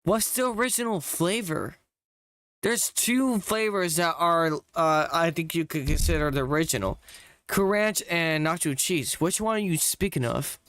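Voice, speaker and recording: A young male streamer with a slightly high pitch who answers bluntly and deadpan, poking holes with pointed questions. His voice is close and dry, with no room sound. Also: moderate pace, no room sound. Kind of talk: casual live-stream chat.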